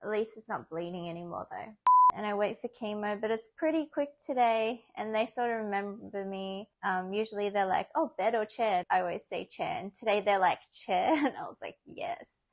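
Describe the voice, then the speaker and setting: A young woman, chatting casually in a vlog, animated and often laughing as she acts out what others said. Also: mid-range voice, brisk. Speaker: vlogger.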